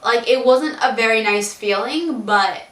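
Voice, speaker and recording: A woman's voice: on the high side, measured pace, fairly bright tone. A young woman vlogging, frankly telling a personal story, chatty and casual, swearing freely and laughing often. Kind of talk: candid storytelling vlog. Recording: roomy, from a distance off the mic.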